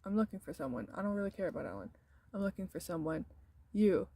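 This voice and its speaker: A woman's voice: mid-range voice, very animated, fast, dark tone, slightly rough, dry recording. A woman voicing a polite young adult French woman who asks questions in a game. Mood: inquiring.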